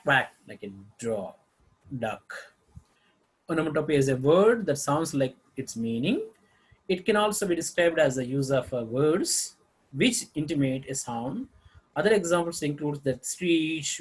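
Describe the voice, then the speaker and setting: A man's voice: mid-range voice, slightly rough, poor audio. A man teaching a lesson on figures of speech, reading examples aloud with frequent halts and restarts.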